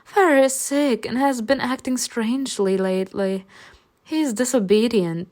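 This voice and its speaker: A woman's voice: on the high side, a little slow, darkish tone, voice pushed up, close to an everyday voice. A woman voicing a cheerful young female dragon keeper in a game story, with a breezy, sing-song way of asking favors.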